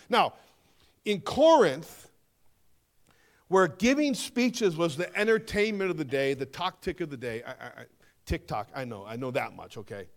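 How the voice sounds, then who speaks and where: A man preaching a sermon, emphatic, slowing down to stress key phrases and dipping into quieter asides. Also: fairly high pitch. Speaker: pastor.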